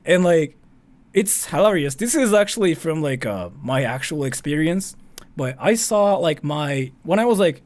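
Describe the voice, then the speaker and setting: Guy from japan on a live stream reading donations, excitable rambling, keeps swearing mildly, voice all over the place. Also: a little high, normal speed. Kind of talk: casual live-stream chat.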